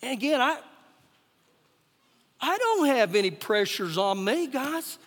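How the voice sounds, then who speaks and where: Man, middle-aged, pastor, emphatic sermon, very high pitch, long hall reverb. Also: very animated, slow pace. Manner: emphatic preaching, rises loud then drops soft. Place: church sanctuary. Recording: live church recording with long hall reverb.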